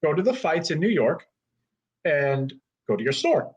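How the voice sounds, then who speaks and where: A man in his thirties with a slightly raised pitch, telling a story in a relaxed, animated way. He peppers his talk with "like" and casual swearing, as a guest chatting on a talk show. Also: unhurried, muffled recording. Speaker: guest, co-owner of a fight-gear retailer.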